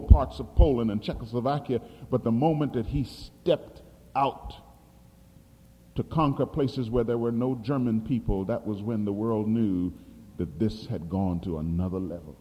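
A man preaching a sermon dramatically, swinging between loud emphasis and quiet asides, recorded in a reverberant hall. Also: mid-range voice, husky. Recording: long hall reverb, from a distance.

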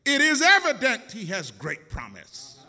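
A preacher doing an eager scheming temple teacher. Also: male voice, extremely high pitch, unhurried, full character voice. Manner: excited, insistent, near shouting.

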